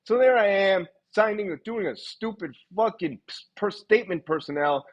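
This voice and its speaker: Husky, animated man telling a story. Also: high voice, normal speed, muffled recording. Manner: animated, profane, laughs often. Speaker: livestream host. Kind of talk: casual storytelling on a live stream.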